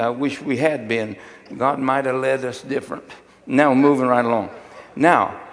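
An older male preacher delivering a sermon with folksy humor and personal anecdotes. He pulls the congregation into call-and-response. His voice sits at an ordinary pitch for a man and rings with the long reverb of a large hall. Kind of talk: sermon with storytelling.

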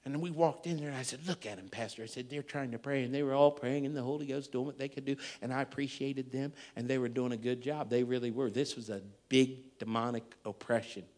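A man preaching a sermon and telling a story, emphatic and dramatic, swinging between loud and hushed. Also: medium pitch, steady tone, brisk, hardly any pauses. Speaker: pastor.

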